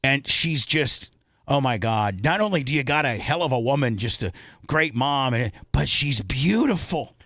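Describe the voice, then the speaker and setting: A man's voice: mid-range voice, animated, normal speed, sharp tone, no room sound. A male radio talk show host reading out listener donations on air from his studio, emotional and rambling, with many restarts. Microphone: studio microphone.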